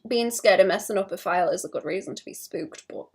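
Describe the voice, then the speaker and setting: A woman's voice: mid-range voice, quick pace. Young woman rambling while she draws. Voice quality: vocal fry. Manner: thinks out loud, rambling and self-conscious. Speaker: illustrator streaming her drawing. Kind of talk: casual livestream chat while drawing.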